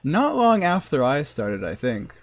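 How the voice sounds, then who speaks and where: A man's voice: on the high side, huge pitch swings, measured pace. Joking man streaming a modded game. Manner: joking, chatty with chat. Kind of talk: casual gameplay commentary.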